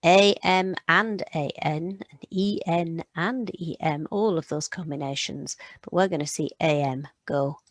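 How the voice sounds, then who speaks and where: A woman teaches French phonics to young children in a patient, steady way, sounding out each letter and sound for them to copy. Her voice sits on the low side, and the recording is close and dry with almost no room sound. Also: measured pace, hardly any pauses, no room sound. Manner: patient, demonstrates sounds aloud.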